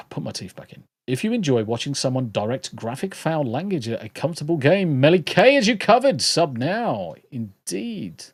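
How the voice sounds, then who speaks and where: A man's voice: on the high side, very animated, moderate pace, few pauses, husky, no echo. British man, livestream host, rambling, jokey, swearing, dry close mic. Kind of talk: casual livestream chat.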